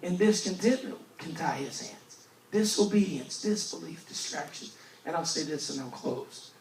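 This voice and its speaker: Guy preaching, fairly high voice, goes loud then hushed, sounds far off in a big echoey church with faint hum. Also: animated, moderate pace. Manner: emphatic, swings from loud to hushed. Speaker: evangelist. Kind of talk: storytelling sermon. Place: church sanctuary. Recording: roomy church recording from a distance.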